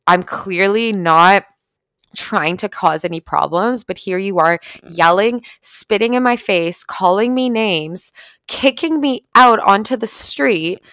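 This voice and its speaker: A young woman telling a personal story in a casual, animated way, full of "like" and "literally" and swearing. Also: mid-range voice, dry recording.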